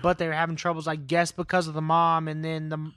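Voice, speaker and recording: Man, podcast co-host, rambling, chatty, high voice, dry mic. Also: completely flat delivery, quick pace, a bit bright, smooth, no room sound. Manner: chatty, rambling, many likes and restarts. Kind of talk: casual movie-review chat.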